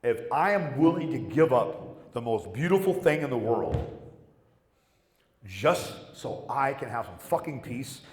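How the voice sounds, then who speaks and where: His medium-pitched voice has a sing-song, darkish quality and a measured pace. This middle-aged man is a panel guest in an echoey convention hall, rambling through profane stories and performing the dialogue of the people in them.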